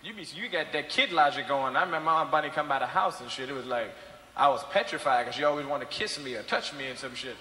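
A man's voice: mid-range voice, fast talker, sharp tone. A man doing stand-up comedy, telling profane family stories in a casual way. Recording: echoey noisy hall recording.

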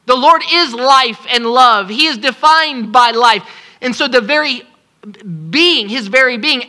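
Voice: medium pitch, measured pace, sharp tone. A pastor preaching a sermon at a congregation service, impassioned and pleading, repeating phrases for emphasis.

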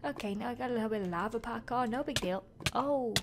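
A woman's voice: fairly high pitch, quick pace, loud music behind the voice. A woman in her twenties giving bubbly, playful commentary while playing a video game. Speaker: gaming video host. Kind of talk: gameplay commentary.

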